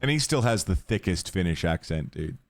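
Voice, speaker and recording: Lively, low-voiced Australian man streaming. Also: moderate pace, soft background music. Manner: swears freely, laughs often, rambling with restarts. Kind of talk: casual stream chat while gaming.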